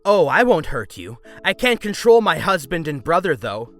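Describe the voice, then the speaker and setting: A man voicing a shrill, furious, entitled woman customer who screams, bullies and interrupts. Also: sing-song, moderate pace, pushed and bright.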